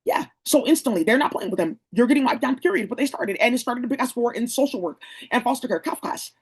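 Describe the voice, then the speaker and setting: Bay Area speaker, husky voice, rushed rambling rant, slangy and profane, direct-to-camera monologue. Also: medium pitch, animated, low-quality recording. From San Francisco Bay Area.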